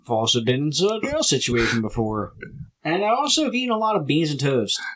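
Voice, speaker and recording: A man's voice: fairly high pitch, very animated, a little fast, a bit bright, low-quality recording. A young man from the United States, co-hosting a comedy podcast, teasing his friend and laughing a lot. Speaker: podcast co-host. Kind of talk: casual comedic chat.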